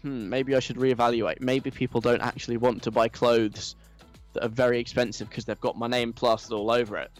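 An entitled young woman influencer with an American accent, as a man puts her on. She is whiny and self-pitying and talks at a middling pitch. Faint music plays underneath. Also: little pitch movement, a little fast, close to an everyday voice. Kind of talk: mock reading of a social post.

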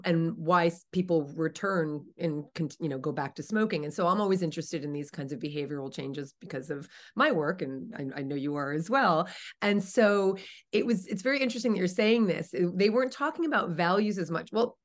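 A woman's voice: fairly low pitch, lively intonation, a little fast. A woman from New Jersey, a guest on an interview show, talking enthusiastically and articulately. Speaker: guest, author and speaker. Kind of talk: conversational interview.

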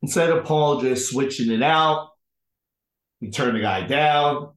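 A man's voice: mid-range voice, unhurried. Man telling a story in a roomy room. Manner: animated storyteller acting out the people in his stories. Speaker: podcast guest. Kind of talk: casual conversational storytelling.

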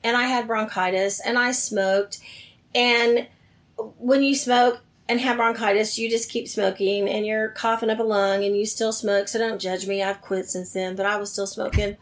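A middle-aged woman telling a personal story in conversation, animated and acting out the voices she quotes, laughing between lines. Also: mid-range voice. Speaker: guest telling her life story.

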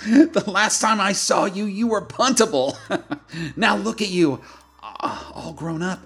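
A man's voice: high-pitched, slow pace, fairly bright tone, husky, exaggerated voice. An actor playing a folksy, affectionate uncle who chuckles as he talks. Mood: jovial.

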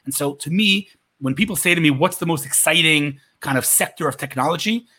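A man from Israel talking as an interview guest, telling stories in a rapid, animated way. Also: fairly high pitch, slightly rough. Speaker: guest entrepreneur. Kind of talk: casual interview talk.

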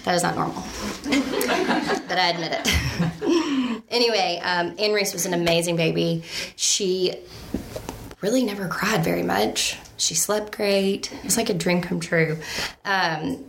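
Chatty woman with gravelly edge. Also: on the low side, unhurried, long pauses, noisy background. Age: 30s. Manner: chatty, laughs often, many ums. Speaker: mother telling her story. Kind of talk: casual personal storytelling.

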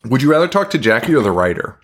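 A man chatting on a podcast in a relaxed, unscripted way. He laughs often, swears freely and acts out quotes as he retells scenes. His voice sits at an ordinary middle pitch. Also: rapid-fire. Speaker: podcast co-host. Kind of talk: casual chat.

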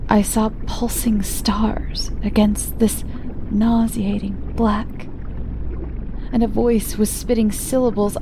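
A woman giving a scripted story narration in a hushed, often half-whispered voice, with music playing behind her. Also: mid-range voice, little pitch movement, slow, background noise.

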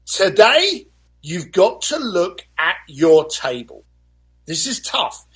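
A man guesting on an interview show, his voice pitched high and a little husky. He talks with big swings in pitch and tells stories energetically, often acting out the lines of the people in them. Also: slow. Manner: animated storyteller, acts out voices. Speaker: guest author. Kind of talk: motivational interview talk.

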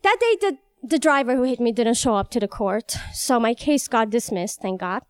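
A woman's voice: on the high side, lively intonation, normal speed, clear, resonant tone, no room sound. A young woman tells a personal story, candid and wry, often laughing between lines. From Iran. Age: young adult.

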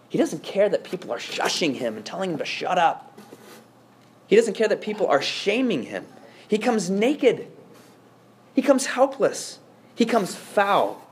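A man preaching a sermon as pastor, earnest, swinging between quiet hushed passages and raised, emphatic lines. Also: medium pitch, slight background noise. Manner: earnest preaching, dropping to a hush and rising with emphasis.

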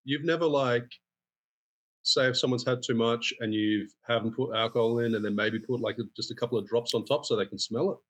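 Storytelling man guest, animated. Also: medium pitch, a little fast, breathy edge. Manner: animated, acts out dialogue in stories. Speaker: guest bartender. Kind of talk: casual storytelling.

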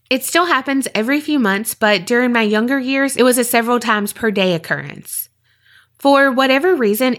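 A woman hosting a podcast, reading listener stories aloud in a steady storytelling voice with short asides. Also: on the high side.

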